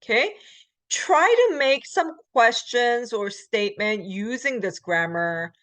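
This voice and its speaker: A woman's voice: fairly high pitch, animated, slow, a bit bright, no echo. A woman teaching Korean grammar in a recorded lecture. She explains in American English, reads Korean example sentences, and often uses fillers and corrects herself. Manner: frequent fillers and self-corrections. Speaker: Korean language instructor.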